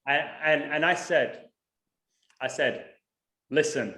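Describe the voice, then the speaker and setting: A man, hosting a casual conversational interview and telling stories in an animated way, acting out quarrels. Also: medium pitch, takes it slowly. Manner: animated storyteller, acts out quarrels. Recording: echoey room.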